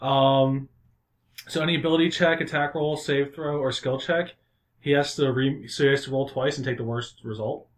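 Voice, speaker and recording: A man's voice: mid-range voice, fairly even intonation, moderate pace. A man playing a tabletop game, casually explaining his character's abilities with fillers. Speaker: player.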